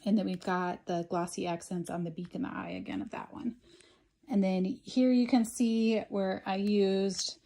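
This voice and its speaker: A woman with a soft, mellow voice talks through a craft project step by step. Her delivery is casual and chatty, often filling pauses with ums. Her pitch sits in an ordinary middle range. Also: fairly even intonation, gravelly. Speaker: craft tutorial host.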